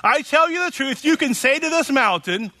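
A man's voice: very high voice, lively intonation, normal speed, sharp tone. A man preaching a sermon as pastor, emphatic and repetitive, often tossing in "you know".

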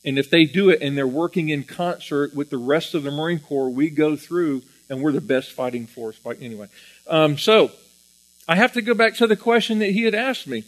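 Earnest preacher man, somewhat high voice. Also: normal speed, rough recording. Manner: earnest, repeats and restarts words, animated when telling stories. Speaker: preacher and former Marine. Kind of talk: sermon.

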